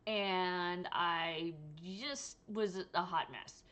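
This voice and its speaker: A woman's voice: lowish voice, extremely slow, fairly bright tone. Tired, laughing woman vlogger. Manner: tired, rambling, laughs often. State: exhausted. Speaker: crochet vlogger. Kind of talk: casual chat to camera. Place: home room.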